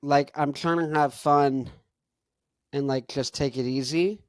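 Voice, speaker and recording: A man's voice: medium pitch, fairly even intonation, unhurried, no room sound, clean studio sound. A young man hosting a casual podcast, rambling in laid-back slang and chuckling between thoughts. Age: young adult. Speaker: podcast host. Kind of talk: casual chat.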